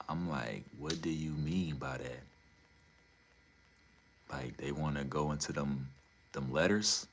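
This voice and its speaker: Taking it slowly with frequent pauses, a young man talks on a livestream in a loose, swearing, animated way. His voice lurches between quiet mutters and loud disbelief.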